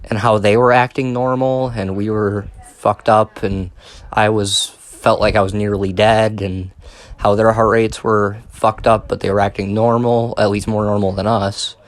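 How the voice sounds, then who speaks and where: A man's voice: fairly low pitch, level tone, measured pace. A young man telling a casual storytime, rambling and swearing with many fillers and restarts. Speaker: vlogger.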